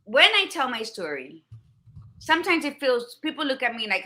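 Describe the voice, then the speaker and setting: A woman's voice: high voice, very animated, moderate pace, bright, forceful tone. A woman in her fifties co-hosting a podcast, talking in a blunt, profane and emphatic way in candid casual chat. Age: 50s. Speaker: podcast co-host.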